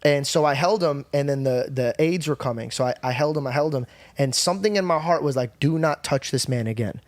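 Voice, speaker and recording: A young man on a podcast telling a personal story in a candid, profane, animated way. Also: on the high side, fairly quick, no room sound. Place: podcast studio.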